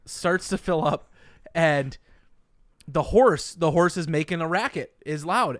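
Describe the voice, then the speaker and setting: A man's voice: fairly high pitch, measured pace, no room sound, clean studio sound. A man co-hosting a casual comedic podcast, telling stories with animation and stammering restarts. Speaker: podcast co-host.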